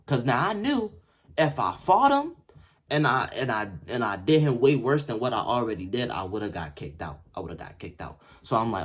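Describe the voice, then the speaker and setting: A young man telling a story in a casual, slangy way, swinging from yelled quotes to low mutters. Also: big pitch swings, normal speed, breathy edge. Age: young adult. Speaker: vlogger. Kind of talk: animated storytime.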